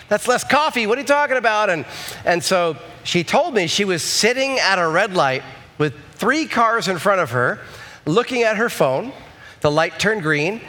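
A man preaching a sermon as a pastor, telling a humorous personal story in an animated way. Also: on the high side. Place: church sanctuary. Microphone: handheld or headset mic.

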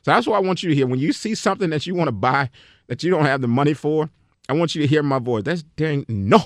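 A man's voice: fairly high pitch, quick pace, no room sound, clean studio sound. A man hosting a podcast on personal finance, talking casually and earnestly, preaching and often repeating himself. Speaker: podcast host.

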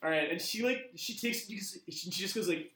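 A man's voice: high-pitched, moderate pace, pushed and bright, a little hiss or hum. A man narrating as game master of a tabletop game, hesitant and full of fillers. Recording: roomy echo.

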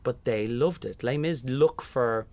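A man's voice: mid-range voice, unhurried. A young Irish man, a musical theatre performer, telling stories in a casual interview and acting out the voices in them. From Ireland. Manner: animated, acts out voices in anecdotes.

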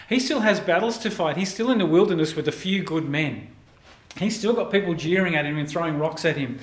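A male pastor preaching a sermon in an earnest way, often repeating words and dropping softly into prayerful lines. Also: a little high, echoey room.

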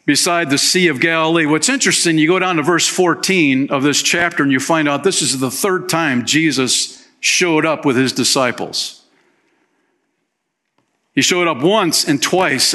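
A man's voice: on the high side, sharp tone. A male pastor preaching a sermon in a conversational way, often tossing in "man" and acting out quotes. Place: church.

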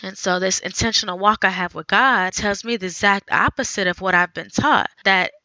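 A woman hosting a faith podcast, talking earnestly in a conversational way, thinking out loud. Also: mid-range voice, normal speed, no room sound, muffled recording. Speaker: podcast host.

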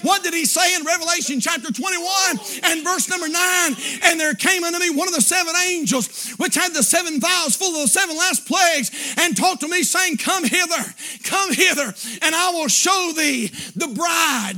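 Male pastor, high bright voice, fiery sermon delivery with loud peaks and soft asides. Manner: shouting, impassioned preaching with sudden drops to quiet.

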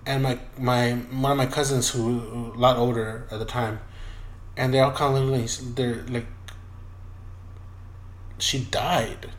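A man's voice: mid-range voice, level tone, normal speed. A man telling a personal story in a casual, loose way, full of swearing, who acts out the voices of the people in it. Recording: roomy echoey room.

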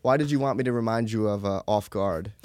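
A man's voice: lowish voice, a little fast, a little mellow, no echo, clean studio sound. A young man co-hosting a casual comedy podcast, teasing and sarcastic, cutting in often. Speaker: podcast co-host.

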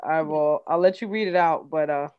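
A woman's voice: deep voice, normal speed, smooth, dry recording, phone-quality sound. A woman co-hosting a podcast in casual chat, playful and teasing. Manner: playful, teasing, mock-scolding. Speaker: podcast co-host.

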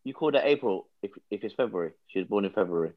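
A man's voice: lowish voice, animated, rapid-fire, phone-quality sound. A man, joking and teasing on a casual podcast. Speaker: podcast co-host. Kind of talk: casual chat.

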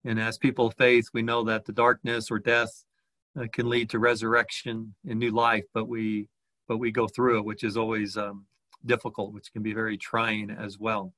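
A man preaching a sermon, speaking haltingly with many fillers and restarts. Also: fairly low pitch, monotone, fairly bright tone, no echo. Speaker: pastor.

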